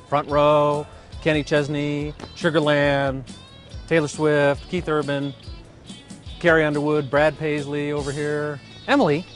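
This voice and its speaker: A man walks through a backstage area giving a playful, joking video blog tour. He points things out as he goes, in a casual manner. Guitar music plays clearly behind him. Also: a little high. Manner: playful, jokey, pointing things out while walking. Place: backstage at an awards show venue.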